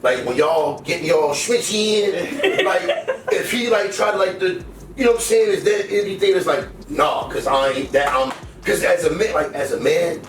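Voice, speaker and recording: A man's voice: sits high, moderate pace, soft background music. An older man in casual chat, telling stories with lots of swearing and acted-out quotes. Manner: profane, animated storytelling with acted-out quotes. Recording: echoey room, distant mic, noisy.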